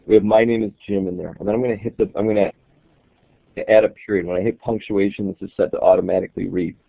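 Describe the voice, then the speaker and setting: A man's voice: deep voice, steady tone, fast talker, creaky, no room sound. A man giving a casual, explanatory walkthrough of an app in a screen-recorded tutorial, thinking aloud as he demonstrates. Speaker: app reviewer. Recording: tinny, dry, phone-like audio.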